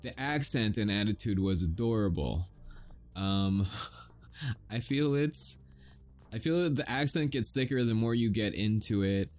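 A man's voice: on the low side, lively intonation, a little slow, a little mellow. An American man who makes audio roleplays, chatting casually and rambling to his listeners, swearing and chuckling often.

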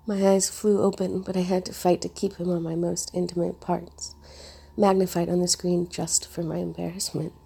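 Gravelly, husky woman narrating softly. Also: on the low side, level tone, measured pace, long pauses. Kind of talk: first-person story narration.

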